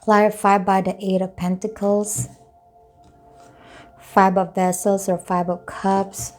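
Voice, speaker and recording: A woman's voice: mid-range voice, little pitch movement, takes it slowly, faint music behind. A woman reading tarot cards in a chatty, loose way, often repeating and rephrasing herself. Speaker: tarot reader.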